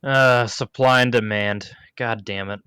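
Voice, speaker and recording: A man playing a tabletop role-play game, talking in character in a gruff, weary way. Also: medium pitch, fairly even intonation, measured pace, bright, forceful tone, no room sound, low-quality recording. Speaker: player.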